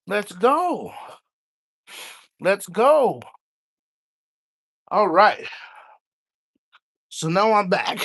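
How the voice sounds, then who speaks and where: A man's voice: high voice, lively intonation, unhurried, long pauses, a bit bright. A man hosting a casual livestream from his basement, talking to his chat and his dog, a little out of breath. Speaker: livestream host. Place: home basement studio. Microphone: no mic, room sound.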